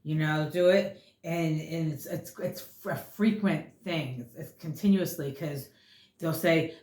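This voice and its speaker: A woman with a lowish voice giving a casual tarot reading. She talks bluntly and swears freely as she rambles from point to point. The room around her is echoey. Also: measured pace. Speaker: tarot reader.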